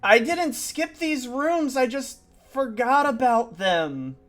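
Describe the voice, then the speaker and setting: A man's voice: very high-pitched, expressive, slow pace, fairly bright tone. A man streaming a game, thinking aloud in a chatty, self-deprecating way. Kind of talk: casual let's-play commentary.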